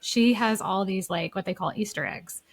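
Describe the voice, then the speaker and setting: A woman who works as a leadership coach, a guest on a podcast, talking casually in an animated way and often wandering onto tangents. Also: mid-range voice, moderate pace, vocal fry, breathy edge. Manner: animated, laughing, tangent-prone. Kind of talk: casual conversational interview.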